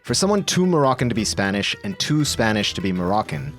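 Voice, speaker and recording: A man's voice: medium pitch, very animated, fast, creaky, a bit bright, soft background music. A man co-hosting a podcast, reading scripted narration in a playful, upbeat way. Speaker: podcast co-host.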